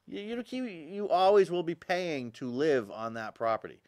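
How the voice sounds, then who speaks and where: A man's voice: fairly high pitch, big pitch swings, moderate pace, a little mellow. A middle-aged man hosting a talk show, delivering an emphatic political monologue full of rhetorical questions and asides to the audience.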